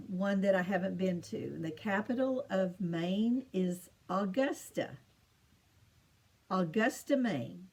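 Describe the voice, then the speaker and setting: Slow, patient woman teaching. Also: mid-range voice, a little mellow. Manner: slow and patient, repeats each capital in a sing-song lilt. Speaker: teacher of state capitals to children. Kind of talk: slow home-made lesson for children.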